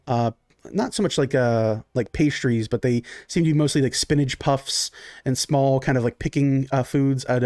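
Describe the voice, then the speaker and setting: Casual game master narrating, dry sound. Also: male voice, medium pitch, a little mellow, dry recording. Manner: casual, many fillers.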